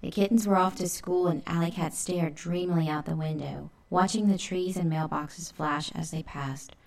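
A woman narrating a children's storybook in a lively, expressive way. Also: on the low side, normal speed.

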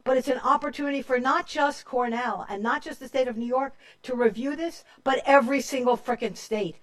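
A woman hosting a panel discussion, emphatic and quick to cut in as she hands the floor to guests. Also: sits high. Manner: emphatic, interrupting, moderating. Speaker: panel host.

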